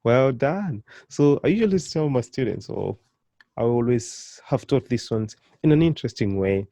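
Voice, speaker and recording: A man leads a beginner lesson with a mellow, dark voice, recorded close and dry. He repeats each word slowly for learners to copy and cheers them on, his pitch and volume leaping up now and then. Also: no echo. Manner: animated, with sudden jumps in pitch and volume. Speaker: language teacher.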